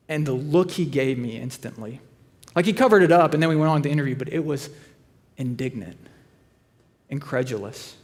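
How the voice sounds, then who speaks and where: A man in his thirties preaching a sermon, telling stories with dry humor and slowing to a quiet delivery on serious points. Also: medium pitch, expressive. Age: 30s. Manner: conversational storytelling with dry humor. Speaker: pastor.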